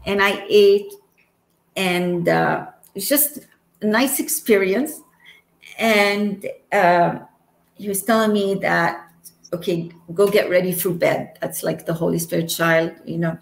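A woman from Egypt in her forties, telling her personal near-death story as an interview guest, earnest and searching, with quick giggles and restarts. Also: mid-range voice, creaky, echoey room, poor audio. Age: 40s. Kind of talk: emotional personal testimony.

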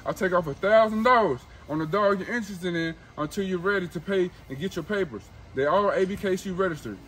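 A young man films himself outdoors on his phone, selling puppies as a dog breeder in a casual sales video. He sounds hyped and slangy and repeats himself a lot. His voice is high-pitched and fairly bright, and the audio is poor.

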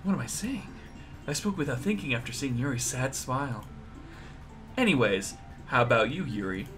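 A man's voice: mid-range voice, expressive, moderate pace, faint music behind. A young man hosting a let's play, reading the game's text aloud and cracking jokes. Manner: joking, bright quips. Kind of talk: casual gaming commentary.

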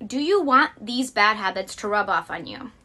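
Bright, animated woman vlogger. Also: medium pitch, moderate pace. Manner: animated, blunt, emphatic. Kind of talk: advice monologue with anecdotes.

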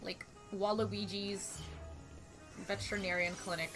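A woman streaming a video game, chatting casually, swearing freely and breaking into sudden loud exclamations. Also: mid-range voice, fairly even intonation, normal speed, faint music behind. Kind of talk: casual gaming commentary.

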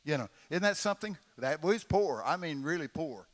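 An elderly Texan man in his eighties preaches a folksy, dramatic storytelling sermon, acting out voices as he goes. His fairly high voice has lively intonation at a normal speed, and the large church conference hall gives a long reverb.

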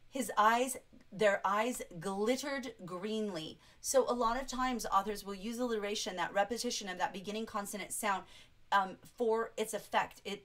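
A woman's voice: medium pitch, a bit bright. A woman teaching a livestreamed English lesson, chatting enthusiastically, reading quotes aloud and answering viewers' comments.

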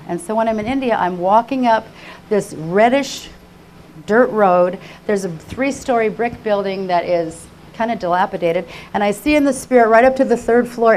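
An older woman preaching an emotional personal testimony sermon, fervent and repetitive, swinging from hushed tones to crying out. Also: medium pitch, normal speed, slight background noise. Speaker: conference speaker.

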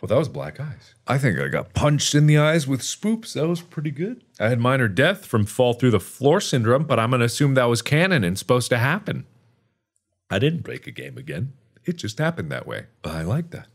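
A young adult man giving let's-play commentary, reacting to a horror game with excitable, exclamatory outbursts. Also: medium pitch, normal speed, husky. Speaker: gaming video host.

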